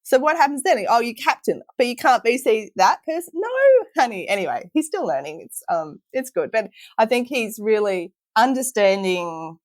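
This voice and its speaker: A woman's voice: a little high, lively intonation, moderate pace, hardly any pauses, no room sound, rough recording. A woman, a guest telling stories in a casual podcast chat and laughing often. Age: 30s. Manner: chatty storyteller, laughs often.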